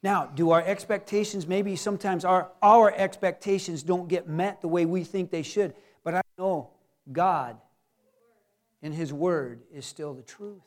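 A man with a high voice preaches a lively sermon. He plays out people's inner thoughts in quick asides. His talk is pastoral and animated.

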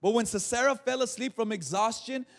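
Very high-voiced man preaching animatedly. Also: a little fast. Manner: animated storytelling preaching, jokes and crowd calls. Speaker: pastor. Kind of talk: sermon.

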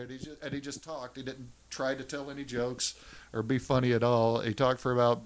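A man's voice: medium pitch, brisk. A man in casual podcast chat, telling anecdotes and acting out the people in them. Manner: animated anecdote teller, acts out quotes.

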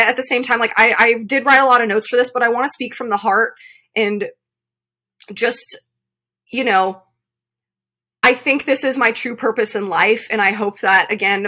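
A young woman speaks in an earnest podcast monologue, her voice bright and clear. She fills pauses with ums and restarts her sentences, and she sounds emotional, as if close to tears. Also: on the high side. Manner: earnest, many fillers and restarts. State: emotional, voice catching. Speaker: podcast host, mental performance consultant.

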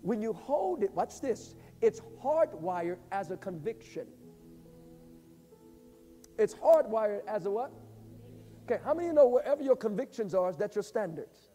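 A pastor man delivering a sermon with a notably high-pitched voice that stays mellow and dark in tone. He swings between emphatic, shouted lines and quiet, hushed passages, with faint music playing underneath. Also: very animated, normal speed, long pauses. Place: church.

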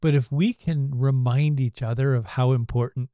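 A man's voice: mid-range voice, steady tone, normal speed, dark tone, no echo. A man co-hosting a faith podcast, talking earnestly and acting out little quotes with laughs. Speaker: podcast co-host.

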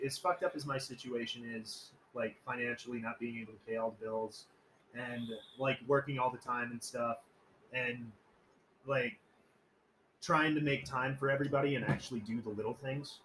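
A man's voice: mid-range voice, fairly bright tone, poor audio. Guy rambling and cussing on a podcast, jokey, does little voices when quoting people, faint hiss behind. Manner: rambling, profane, jokey storytelling with quoted voices. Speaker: podcast host. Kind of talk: casual podcast chat.

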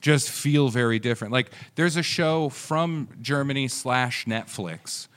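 A man's voice: mid-range voice, measured pace, fairly bright tone. A man from the United States co-hosting a podcast, rambling and joking in casual chat, often swearing. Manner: rambling, profane, jokey. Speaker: podcast co-host.

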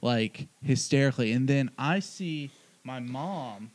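A man's voice: medium pitch, animated, unhurried. A young man in casual podcast chat, telling a funny story with lots of laughter. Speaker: podcast co-host.

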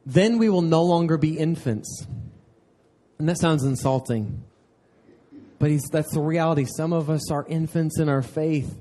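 Male pastor, young adult, casual sermon delivery, fairly high and mellow voice. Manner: conversational and earnest, with repeated "man" and quick asides.

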